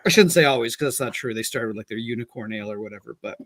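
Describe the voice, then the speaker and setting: Bright-voiced rambling man, dry mic. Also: mid-range voice, expressive, very fast, no room sound. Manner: rambling, self-correcting, swears freely. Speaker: podcast panelist reviewing beer. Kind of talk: casual chat.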